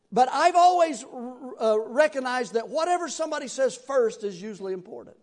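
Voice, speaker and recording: A man with a strikingly high voice preaches a sermon from the pulpit. He talks to his congregation in a folksy, conversational way and keeps asking them rhetorical questions. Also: darkish tone.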